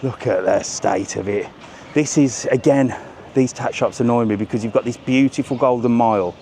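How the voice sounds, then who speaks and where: A man's voice: medium pitch, normal speed, warm tone. Chatty man vlogging while walking outdoors. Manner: chatty, cheeky, talks straight to viewers and reads their messages. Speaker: travel vlogger on a live walking stream. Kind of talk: casual live-stream walking commentary. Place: outdoors on resort streets. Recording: faint outdoor street noise. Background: faint street and traffic noise.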